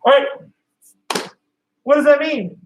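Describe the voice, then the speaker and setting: A karate instructor teaching an online kids' class, upbeat, calling out drill commands and counting down. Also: male voice, very high-pitched, slow pace, highs cut off, a little hiss or hum.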